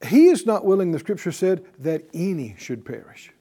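A man's voice: high voice, very animated, moderate pace, mellow. A middle-aged man teaching a sermon to a class, emphatic and full of rhetorical questions and repetition. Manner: emphatic, asks rhetorical questions and repeats phrases. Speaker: Bible teacher.

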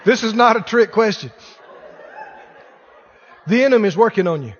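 A man's voice: sits high, expressive, moderate pace, pauses often, husky. A man preaching a sermon in a folksy, colloquial way, firing rhetorical questions at his congregation. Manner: colloquial, uses "ain't". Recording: dull lo-fi sermon recording with long hall reverb.

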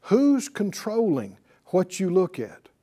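A man's voice: sits high, takes it slowly. A man preaching a sermon, quoting scripture, laughing at his own asides and acting out small dialogues. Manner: lively, laughing asides, quotes scripture, acts out little dialogues.

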